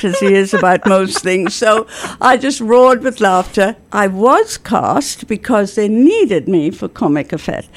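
A woman's voice: mid-range voice, dry recording. A middle-aged woman guest in a casual interview, telling stories in a theatrical, self-deprecating way. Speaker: theater producer and actor, guest.

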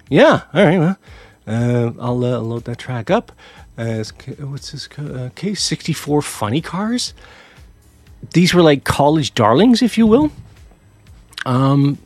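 A man's voice: mid-range voice, dry recording. Rambling, self-deprecating male radio host. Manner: rambling, self-deprecating, with animated quoted voices. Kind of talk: casual storytelling chat.

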